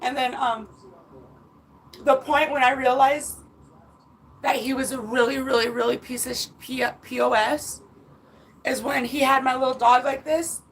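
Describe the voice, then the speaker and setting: Woman, high voice, gravelly fry, home vlog, rambling, emotional, swears freely. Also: steady tone, unhurried, long pauses, slight background noise, low-quality recording. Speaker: vlogger. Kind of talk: casual chat to viewers. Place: at home indoors.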